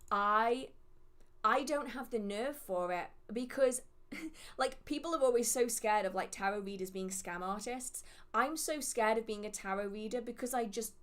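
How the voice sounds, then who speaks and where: A woman's voice: mid-range voice, a bit bright. A young woman hosting a witchcraft livestream, telling a rambling, self-deprecating story full of fillers. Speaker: witchcraft channel host.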